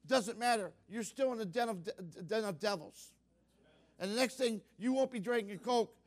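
An older man preaching a sermon to young people, folksy and direct, rising to loud fervent exclamations. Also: high-pitched, normal speed. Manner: folksy, addresses youth directly. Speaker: pastor.

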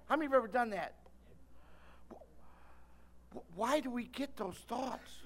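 High, bright-voiced older preacher man. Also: normal speed, long pauses. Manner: animated storytelling, calls on listeners by name. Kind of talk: sermon.

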